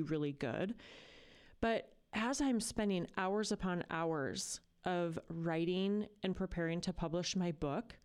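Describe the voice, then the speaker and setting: Smooth-voiced woman podcast host. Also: fairly low pitch. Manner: chatty, earnest, emphatic. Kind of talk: casual solo podcast talk.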